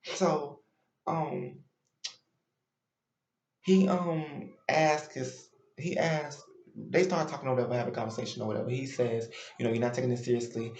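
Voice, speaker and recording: A man's voice: on the high side, steady tone, unhurried, long pauses, darkish tone, echoey room. A man giving a chatty, opinionated and sassy recap of a reality show in casual commentary.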